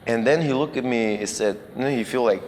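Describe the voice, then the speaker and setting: A man's voice: medium pitch, fairly quick, a little mellow, big-room sound, slight background noise. A Russian man with a Russian accent, a guest cinematographer telling anecdotes casually, with loose non-native grammar, restarts and chuckles.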